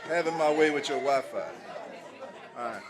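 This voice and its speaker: A man's voice: on the high side, moderate pace, a crowd in the background. An older man doing stand-up comedy, telling folksy stories in a loose way and laughing at his own jokes.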